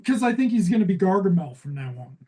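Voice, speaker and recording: A woman co-hosting a comedy podcast in casual chat, sardonic and quick to swear, with sudden leaps in pitch. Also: slightly rough. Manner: sardonic, swears freely, lively jumps in pitch. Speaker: podcast co-host.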